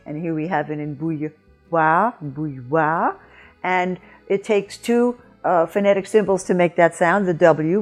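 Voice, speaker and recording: Woman teaching how to say words, slow and careful, kinda low voice, soft music behind. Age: older. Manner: clear, deliberate, models sounds slowly. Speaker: pronunciation teacher. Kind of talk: scripted video lesson.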